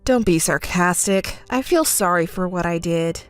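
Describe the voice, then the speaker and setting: A woman's voice: fairly low pitch, lively intonation, normal speed, clean tone, faint music behind. A woman reading the bride's messages aloud in a text story, scolding and indignant. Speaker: narrator voicing the bride.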